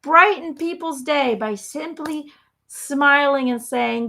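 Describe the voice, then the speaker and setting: A woman's voice: high voice, slow pace, vocal fry, pushed and bright. A woman giving a live spiritual talk, emphatic and repetitive, often checking in with "okay?". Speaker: spiritual channeler.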